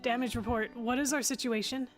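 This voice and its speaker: A woman playing an earnest young starship captain in a sci-fi game, recording her log in a fairly high, sincere voice. Music plays steadily behind her. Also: fairly even intonation, a little fast, natural voice. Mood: commanding. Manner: earnest first-person log narration.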